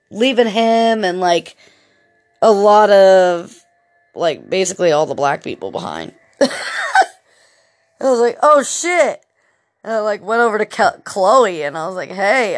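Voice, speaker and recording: A podcast host delivers a casual monologue in an animated, medium-pitched voice, taking her time and leaving long pauses. Her stories ramble on, packed with swearing and filler words.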